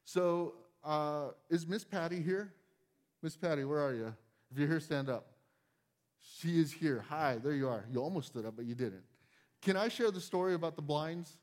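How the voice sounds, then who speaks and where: A man's voice: fairly high pitch, normal speed, darkish tone. A man preaching a conversational sermon as pastor, acting out small scenes and addressing his congregation directly. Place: church.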